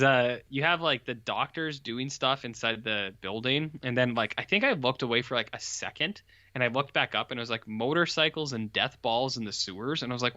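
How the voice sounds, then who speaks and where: Rambling man with a bright voice. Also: mid-range voice, no echo, highs cut off. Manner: rambling, animated retelling with put-on quotes. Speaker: podcast co-host reviewing horror films. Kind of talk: casual chat.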